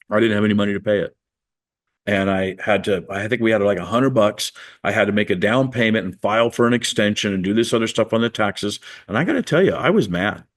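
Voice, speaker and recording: Man preaching an animated sermon story. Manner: animated, climbs high and loud when reenacting his angry prayer. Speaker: pastor.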